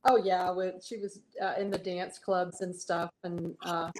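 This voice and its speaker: A woman from Texas, a guest songwriter, telling a story in a soft-spoken, halting way during an interview. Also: lowish voice, level tone, low-quality recording.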